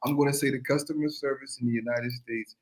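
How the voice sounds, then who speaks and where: A man's voice: mid-range voice, fairly even intonation, quick pace, low-quality recording. A man in a casual chat who talks hesitantly, restarting and choosing his words carefully.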